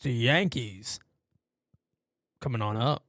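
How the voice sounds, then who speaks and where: Male fan streamer calling play-by-play from a home studio, lively swinging pitch, slow easy pace, shouts on big plays. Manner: shouts on big plays, mutters low asides between pitches. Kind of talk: live fan play-by-play commentary.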